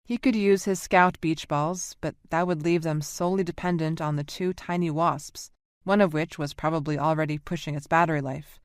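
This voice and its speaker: A woman narrating a science fiction audiobook in a steady, even reading. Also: low voice, normal speed, few pauses, smooth, no room sound, studio quality. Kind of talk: scripted narration.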